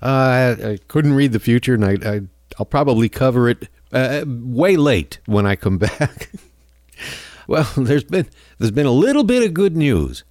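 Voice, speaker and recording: A man's voice: medium pitch, expressive, measured pace, a little mellow, no room sound, studio quality. Sarcastic rambling male talk radio host. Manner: rambling, sarcastic, stammering restarts, chuckling. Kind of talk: opinionated political talk radio monologue.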